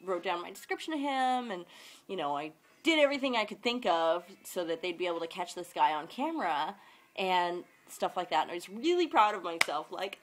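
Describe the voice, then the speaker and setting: A woman's voice: on the low side, expressive, brisk, a bit bright. Chatty young woman telling a story. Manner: chatty, dramatic retelling with quoted voices. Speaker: vlogger. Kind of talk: casual storytelling vlog.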